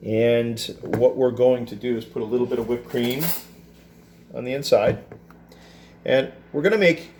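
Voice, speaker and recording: A man walks through plating a dessert in a relaxed, chatty teaching voice, cracking small jokes at his own expense. His pitch sits in an ordinary middle range. A faint hum of noise runs underneath. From Canada. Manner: relaxed, chatty, self-deprecating asides. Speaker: culinary teacher. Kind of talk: cooking demonstration. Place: school kitchen.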